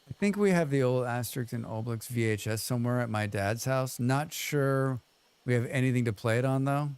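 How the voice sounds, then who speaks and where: A man's voice: mid-range voice, a little mellow, smooth, no room sound. A man streaming a game, chatting casually and muttering questions and reactions at the screen. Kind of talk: casual gaming commentary.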